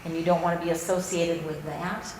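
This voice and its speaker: A woman with a very low voice speaks firmly and plainly. Her words bounce around a heavily echoing hall with a long reverb tail. Clear background noise sits under her voice. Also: steady tone, fairly quick, a little mellow. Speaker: book group participant. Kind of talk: casual group discussion.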